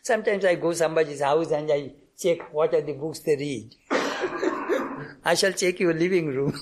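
A man's voice: a little high, normal speed. A man giving a devotional talk, telling anecdotes and acting out bits of dialogue, coughing often, with frequent restarts. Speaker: spiritual speaker.

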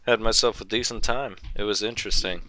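A man co-hosting a casual podcast, easygoing and quick to agree. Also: on the low side, steady tone, sharp tone. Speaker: podcast co-host.

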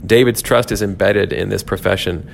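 A man's voice: lowish voice, steady tone, normal speed, gravelly, slight background noise. A man hosting a devotional podcast, talking through scripture in an earnest, reflective way and repeating key phrases for emphasis. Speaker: podcast host teaching on scripture.

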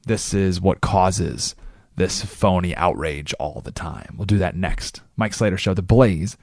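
A man hosting a talk radio show, explaining ideas in a monologue and acting out the people he quotes in quick character voices. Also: low voice, vocal fry, darkish tone, no echo, studio quality. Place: radio studio.

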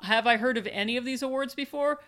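Chatty woman cohost, bright voice, teases her friend a lot. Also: a little high, fast talker. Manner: playful, teasing, argues jokingly. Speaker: podcast co-host. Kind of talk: casual chat about a picture book.

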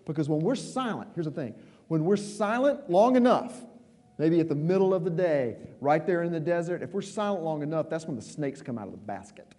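A man preaching a sermon in a conversational, emphatic way, dropping suddenly quiet at moments. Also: a little high, expressive, a little fast, big-room sound. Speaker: pastor.

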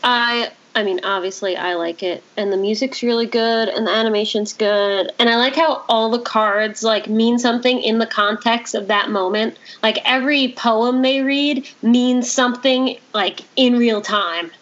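A woman hosts a relaxed podcast, her voice sitting a touch high. She talks animatedly, tossing in quick asides. The recording sounds dull and lo-fi. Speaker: podcast host. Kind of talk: casual podcast chat.

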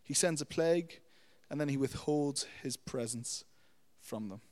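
A man's voice: mid-range voice, measured pace. Man preaching in a reverberant hall. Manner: animated storytelling with repeated "you know" and "okay?". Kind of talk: sermon.

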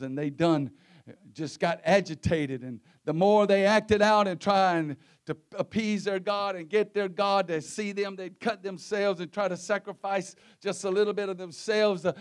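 A man preaching a sermon, telling the story in a folksy way that swings between low murmurs and shouts.

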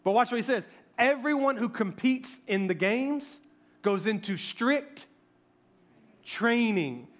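Male pastor, high tenor, emphatic sermon delivery, stammered restarts. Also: slow. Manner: animated, emphatic preaching with repeated stammered restarts.

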